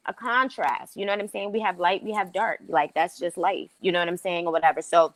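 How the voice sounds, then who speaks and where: A woman's voice: fairly low pitch, fairly even intonation, fairly quick, no room sound, poor audio. A woman guest in casual chat, talking loosely and rambling, peppering her talk with "you know what I'm saying".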